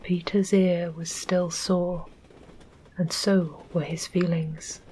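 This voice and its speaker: Soft whispering English woman narrator. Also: fairly low pitch, breathy edge, rough recording. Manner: slow, calm storytelling. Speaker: audiobook narrator.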